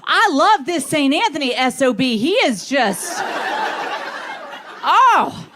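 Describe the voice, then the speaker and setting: A woman voicing her tough, cussing, older mother-in-law, loud and brash. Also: high voice, sing-song, slow pace, noisy background, voice pushed up, heavily acted. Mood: gleeful.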